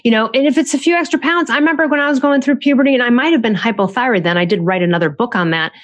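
A chatty woman author talks through parenting advice in a loose podcast style. She sounds animated and conversational, and her pitch leaps up whenever she acts out what someone said. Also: racing. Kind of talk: casual podcast talk.

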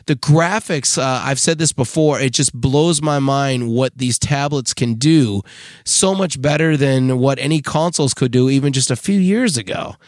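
A man's voice: mid-range voice, moderate pace, no echo, clean studio sound. A man co-hosting a casual podcast, enthusiastically rambling about a mobile game with plenty of fillers. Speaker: podcast co-host. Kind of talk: casual chat, app review.

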